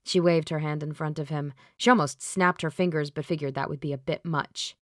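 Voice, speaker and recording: A woman narrating an audiobook in an even, measured reading on a close microphone. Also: sits low, no room sound. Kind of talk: scripted narration.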